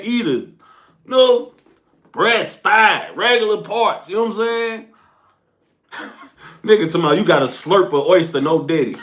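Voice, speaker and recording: A man's voice: a little high, fairly bright tone. A man streaming a casual, profane rant, rambling in slang and calling his listeners "folk" and "bro". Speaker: streamer hosting a morning smoke session.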